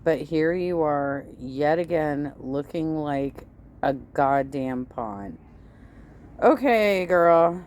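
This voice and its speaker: A woman's voice: extremely low pitch, takes it slowly, darkish tone, muffled recording, a little hiss or hum. A woman in her fifties hosting casual reaction commentary, blunt and sarcastic, swearing freely. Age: 50s. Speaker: commentary host.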